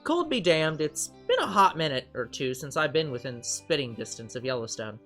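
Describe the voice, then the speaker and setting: A man's voice: on the high side, moderate pace, soft background music. A man hosting a game channel, reading a visual novel aloud and joking between lines. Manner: lively, joking, animated laughing outbursts. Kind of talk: let's play narration and banter.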